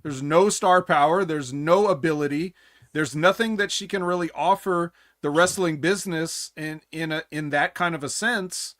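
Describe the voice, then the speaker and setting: A man's voice: fairly high pitch, normal speed, a bit bright, no room sound, clean studio sound. A man co-hosting a casual wrestling podcast, blunt and opinionated, swearing freely as he recaps matches. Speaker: podcast co-host.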